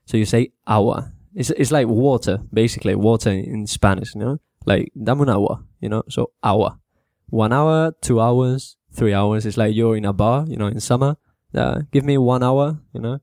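A man teaching English to Spanish speakers in a casual spoken lesson, repeating words slowly to show how they sound. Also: mid-range voice, no echo, studio quality. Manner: relaxed, repeats words slowly to model pronunciation, mixes in Spanish.

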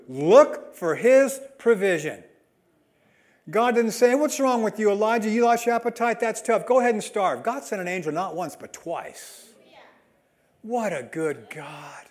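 A man preaching a sermon as a pastor, emphatic, swinging between loud and soft delivery. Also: sits high.

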